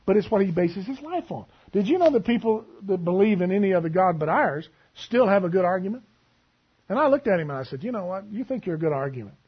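A man preaching a sermon, telling stories and acting out both sides of a conversation in a husky voice. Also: high-pitched, expressive, fast, muffled recording.

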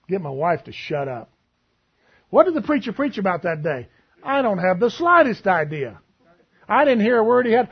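A man preaching a sermon, telling stories and acting out both sides of a conversation in a husky voice. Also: high-pitched, sing-song, brisk, muffled recording.

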